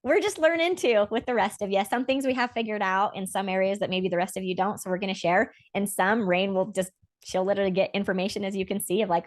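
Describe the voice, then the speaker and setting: A woman's voice: mid-range voice, quick pace. A woman hosting a casual spiritual chat, talking in an earnest, rambling way about feelings and growth. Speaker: podcast host.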